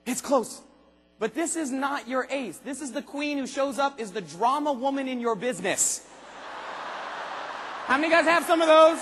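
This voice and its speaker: A man giving an energetic convention speech, firing punchy questions at the audience and sometimes bursting into shouts. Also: very high voice, a little hiss or hum. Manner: rapid-fire questions to the audience, punchy and emphatic. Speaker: motivational speaker at a sales convention. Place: large convention hall. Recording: long hall reverb.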